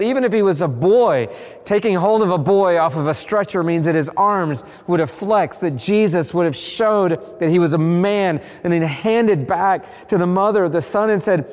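A man's voice: on the high side, darkish tone. A man preaching a sermon, telling a story with emphatic, repeated phrases. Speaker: pastor. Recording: long reverb of a large hall.

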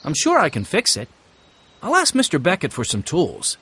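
A man's voice: a little high, huge pitch swings, moderate pace, pushed and bright, slightly rough, exaggerated voice. A man voicing a capable teenage boy in a storybook, sounding confident and helpful.

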